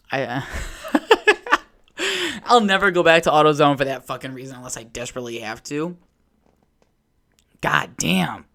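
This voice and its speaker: A man's voice: on the high side, bright, forceful tone. Profane young man ranting solo. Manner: profane, rambling storytelling. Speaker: podcast host. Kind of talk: solo casual podcast rant. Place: at home by a window.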